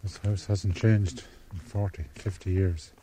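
A man's voice: deep voice, steady tone, a little slow, warm tone, a little hiss or hum. Older Irish man narrating lyrically. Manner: lyrical, reminiscent. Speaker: documentary presenter. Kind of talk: scripted narration.

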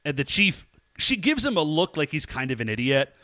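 A man co-hosts a podcast and recaps an episode in casual chat. His voice sits a bit high and moves all over the place. The sound is close and dry, with no room in it. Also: very animated, fairly quick, pushed and bright, no echo. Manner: chatty, laughing, acting out lines in quotes. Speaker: podcast co-host.

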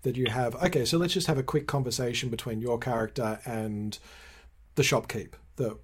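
A man's voice: medium pitch, steady tone, normal speed, slightly rough. A man chatting casually, giving friendly tips about running a game. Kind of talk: casual podcast chat.

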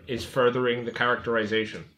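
A young man chatting casually, calmly retelling scenes from a sitcom. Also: medium pitch, fast. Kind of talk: casual chat.

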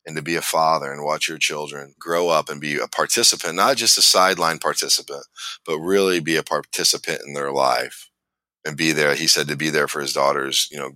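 Extremely low in pitch, with fairly even intonation, the host talks fairly quickly in a bright, forceful tone on a dry recording. He's chatting casually on his podcast, rambling through a long personal story with many restarts and laughter.

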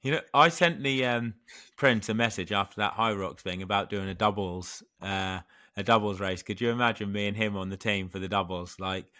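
A man co-hosting a casual podcast, teasing his friends with quick banter. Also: lowish voice, sharp tone. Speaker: podcast co-host. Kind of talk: casual chat.

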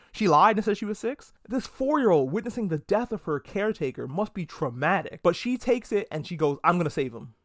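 A man's voice: a little high, no room sound, studio quality. A young man hosting a solo anime review podcast, talking casually with lots of swearing and jokey acted-out quotes. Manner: animated, profane, jokey, acts out quotes.

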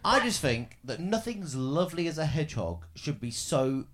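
Man comic, wildly swooping pitch, sweary exasperated rants. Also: big pitch swings, normal speed, a bit bright, a little hiss or hum. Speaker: comedian panelist. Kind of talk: live panel show banter. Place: live comedy venue stage.

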